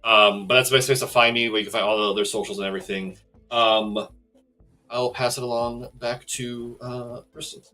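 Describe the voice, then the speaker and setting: A man narrating a tabletop game as game master, relaxed and hesitant with many fillers. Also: medium pitch, moderate pace, soft background music, rough recording.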